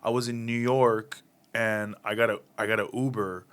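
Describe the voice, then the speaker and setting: Animated comedian telling stories. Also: male voice, lowish voice, normal speed, clean tone. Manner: animated, acts out voices in anecdotes. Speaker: stand-up comedian, guest. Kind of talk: casual storytelling interview.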